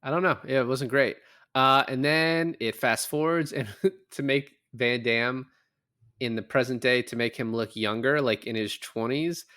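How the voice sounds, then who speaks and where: A man's voice: medium pitch, measured pace, bright, forceful tone. A man co-hosting a film podcast, recapping scenes in loose, profane casual chat and laughing as he goes. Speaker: podcast co-host. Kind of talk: casual movie-review chat.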